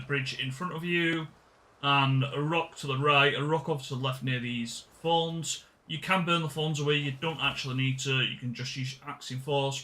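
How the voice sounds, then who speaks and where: With a sharp tone and mid-range voice, this man hosts a gaming channel, chatting casually through a game walkthrough and frequently fixing what he says mid-sentence.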